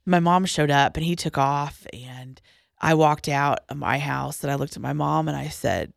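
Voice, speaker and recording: A young woman telling a personal story as a podcast guest, halting, with restarts and pauses, going quiet at the hardest parts. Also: low voice, creaky, dry recording, studio quality. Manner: halting, with frequent restarts and trailing-off lines, dropping quiet at hard moments.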